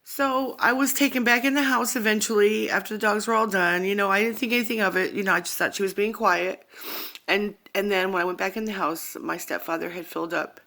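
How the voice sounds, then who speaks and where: A woman speaking into her phone, telling a personal story in a halting, rambling way that keeps wandering off into asides. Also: medium pitch, pushed and bright. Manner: halting, rambling, often digressing. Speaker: vlogger sharing a personal testimony.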